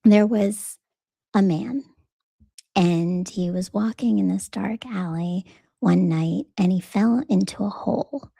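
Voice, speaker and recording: A woman's voice: medium pitch, takes it slowly, vocal fry, warm tone, slightly rough, no room sound. A woman hosting her own podcast, talking in an earnest, conversational way and telling a story in which she quotes the people in it. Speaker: podcast host. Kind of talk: personal reflective monologue.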